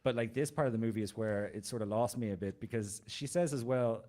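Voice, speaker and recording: A man's voice: mid-range voice, fast talker, darkish tone. Exasperated man critiquing a film. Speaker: podcast co-host. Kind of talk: casual film discussion.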